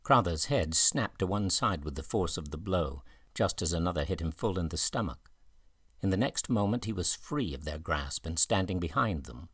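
Deep, husky male audiobook narrator. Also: expressive, moderate pace, fairly bright tone, no echo, clean studio sound. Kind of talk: scripted narration.

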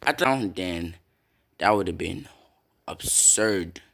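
A young man casually commenting on his own football video game, swearing and breaking into loud yells at big plays. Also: sits low, expressive, slow, vocal fry. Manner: reactive, swears often, bursts into loud yells.

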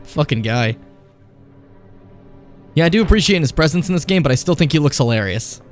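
A young man commentating his own horror game playthrough, his pitch leaping up and down as he jokes, curses and yells taunts at a monster. Faint music plays behind him. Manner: excitable, swears a lot, taunts the game enemy, laughs often. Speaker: let's play streamer.

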